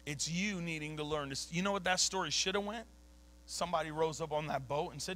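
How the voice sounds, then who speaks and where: Guy pastor preaching, talky and punchy, kinda high bright voice, lil hum in the back. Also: a little fast. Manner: emphatic, conversational preaching with slang. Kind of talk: sermon. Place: church sanctuary.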